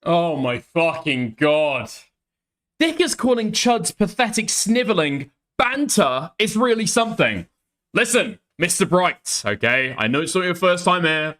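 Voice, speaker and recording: Brief: blunt male streamer commentator, a touch high-pitched. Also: very animated, unhurried, fairly bright tone. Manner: blunt, profane, repeats "okay?". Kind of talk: casual reaction commentary.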